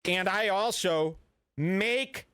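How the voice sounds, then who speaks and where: A man hosting a radio show, ranting in a brash, mock-serious and deliberately offensive way. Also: high-pitched, background noise. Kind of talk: provocative comedic talk radio rant.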